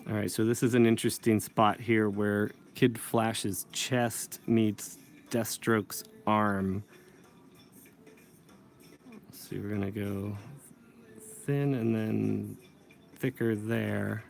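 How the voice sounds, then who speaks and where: Comic inker guy explaining as he works, lowish voice, kinda rambly. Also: flat delivery, takes it slowly, gravelly, pauses often, soft background music. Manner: thinking aloud while working, self-correcting. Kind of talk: casual drawing tutorial.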